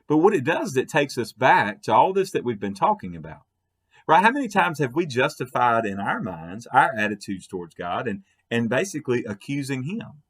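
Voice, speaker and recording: A pastor delivering a brief devotional, his voice somewhat husky. He speaks earnestly, stumbling and repeating words as he presses his point, and his pitch swings widely. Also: very animated, normal speed, a bit bright. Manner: earnest, repeats words and restarts, quotes with rising emphasis. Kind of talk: short devotional talk to the camera.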